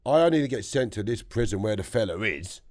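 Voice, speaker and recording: A man with a London accent, a podcast guest telling animated prison stories, acting out other people's voices and swearing freely. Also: lowish voice, fairly quick. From England. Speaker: interview guest. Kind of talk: storytelling interview. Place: podcast studio.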